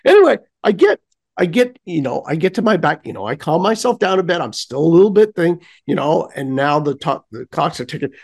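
A man with a gravelly, creaky voice tells a story in a casual chat. His pitch swings widely as he acts out the scenes with sound effects, and he often stops and restarts his sentences. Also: sing-song, brisk.

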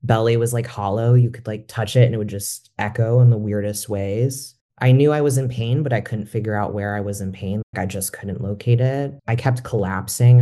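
A man who works as a mental health educator gives a candid personal testimony in a reflective, measured way. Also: medium pitch, dark tone.

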